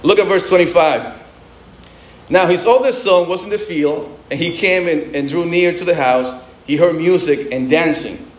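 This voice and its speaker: A man's voice: on the high side, normal speed, echoey room, rough recording. A man preaching a sermon in a conversational way, often restarting and adding asides. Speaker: pastor.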